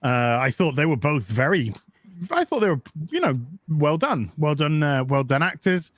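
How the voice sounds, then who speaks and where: A man's voice: on the high side, sing-song, moderate pace, fairly bright tone, no echo. A man in casual chat as a podcast co-host, frank and opinionated, swearing freely. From England.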